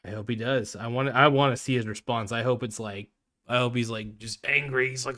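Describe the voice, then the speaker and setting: A man's voice: mid-range voice, fairly even intonation, fairly quick, bright, forceful tone. A man hosting a podcast, ranting casually in a blunt, profane way and often cutting himself off mid-sentence. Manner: blunt, profane, self-interrupting. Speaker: podcast host.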